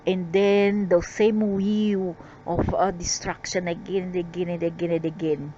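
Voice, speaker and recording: A woman delivers channeled spiritual messages in a slow, drawn-out way, pitched a little low. She rambles and turns defiant and scolding. The recording is dull and lo-fi, with faint noise behind her. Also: little pitch movement. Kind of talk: reading channeled messages with angry asides.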